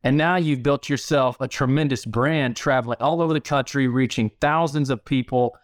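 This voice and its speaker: A man's voice: mid-range voice, normal speed, no echo, studio quality. Man hosting a podcast, affirming tone. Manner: affirming, long winding questions. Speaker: podcast host. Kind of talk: conversational podcast interview.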